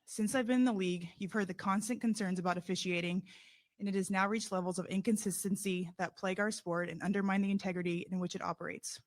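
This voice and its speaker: A woman reads a prepared public statement in a measured, steady way. She is slightly out of breath throughout, and her voice sits at a middle pitch. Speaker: professional basketball player.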